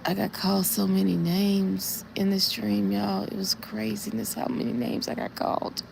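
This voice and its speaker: A woman's voice: medium pitch, level tone, moderate pace, gravelly, a little mellow, a little hiss or hum. A woman on a casual live stream, earnestly retelling a dream in a repetitive way and speaking straight to her viewers. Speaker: livestreamer.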